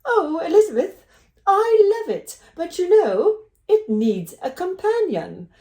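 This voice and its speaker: A woman imitating an effusive British male art agent with a deliberately poor put-on British accent, pitched well above her own voice. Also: big pitch swings, warm tone, echoey room, heavily acted. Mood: gushing. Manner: gushing, high-pitched, admittedly poor imitation.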